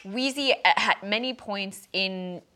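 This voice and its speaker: A woman's voice: medium pitch, takes it slowly, sharp tone. A young woman co-hosting a podcast, chatting casually in a blunt, profane, rambling way with lots of fillers. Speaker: podcast co-host. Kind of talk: casual chat.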